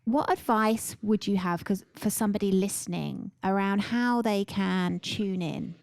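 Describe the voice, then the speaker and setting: A woman's voice: medium pitch, a little slow, vocal fry, no room sound. Effusive woman podcast host, dry sound. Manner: warm, effusive listener with frequent affirmations. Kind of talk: interview conversation.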